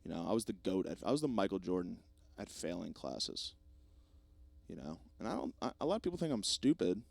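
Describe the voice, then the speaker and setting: A man's voice: sits low, sing-song, fairly quick, gravelly, darkish tone, no echo. Rambling, self-mocking young man. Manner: jokey, self-deprecating, swears a lot. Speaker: podcast host. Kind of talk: rambling solo comedic monologue.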